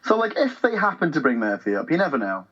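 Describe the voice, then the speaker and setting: Casting note: male co-host, expressive up-and-down delivery, dull lo-fi sound. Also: a little high, fast talker, breathy edge. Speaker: podcast co-host. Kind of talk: casual chat.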